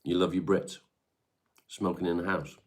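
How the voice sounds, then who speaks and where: A man's voice: deep voice, little pitch movement, normal speed. A middle-aged man with a Devon English accent, chatting casually and bluntly on a home livestream, swearing freely and answering viewers. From England. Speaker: livestream host reading chat. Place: his home.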